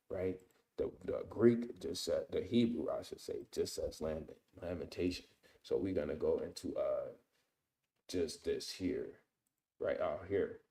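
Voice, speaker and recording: A deep, mellow-voiced man leads an informal scripture study. He reads a verse, then breaks it down in loose everyday talk, tagging his points with "man" and "right?". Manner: reads verses aloud then explains them. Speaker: Bible teacher.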